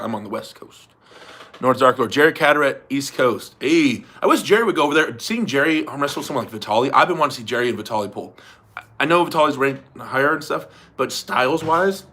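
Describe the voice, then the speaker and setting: A young man hosts a livestream in loose, easygoing chat, cursing and laughing as he goes. His voice is bright and forward. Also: medium pitch. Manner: loose, swears often, laughs a lot. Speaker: livestream host reading super chats. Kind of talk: casual chat.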